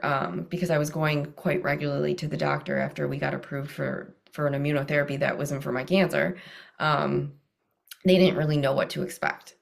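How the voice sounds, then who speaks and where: A woman in her thirties telling her story as an interview guest, animated and laughing often, jumping up in pitch when she quotes herself and others. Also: vocal fry. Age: 30s.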